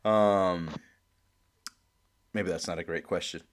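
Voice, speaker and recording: A man's voice: low voice, fairly even intonation, takes it slowly. A man hosting a casual podcast, rambling with many fillers and restarts. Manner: rambling, full of likes and restarts.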